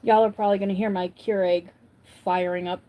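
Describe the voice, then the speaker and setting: Woman, livestream host, casual chat, warm mellow tone, answers viewer comments. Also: medium pitch, fairly even intonation, brisk. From upstate New York. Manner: chatty, answers viewers' comments as she goes.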